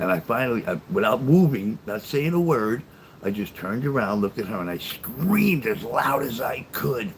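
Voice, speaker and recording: A man's voice: on the low side, expressive, normal speed, slight background noise, low-quality recording. Blunt, profane older man chatting live. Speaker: livestream host. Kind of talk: casual livestream chat with viewers.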